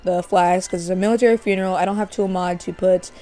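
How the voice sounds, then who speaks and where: Lady doing chill game commentary, kinda low mellow voice, soft music under. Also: steady tone, fast talker. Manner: chatty, narrates while playing. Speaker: gaming channel host. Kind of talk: casual let's-play commentary.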